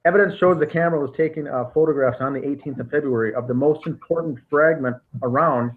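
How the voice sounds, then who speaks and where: A man with a fairly high voice talks quickly as host of a podcast, carefully laying out case details though he restarts often. The casual investigative discussion sounds tinny, like a phone call.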